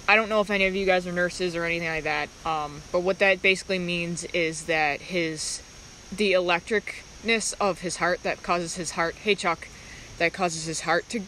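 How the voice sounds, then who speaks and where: A woman chatting casually on a live stream, talking in halting, rambling stretches and breaking off to greet viewers by name. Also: on the low side, bright, forceful tone, slight background noise, rough recording.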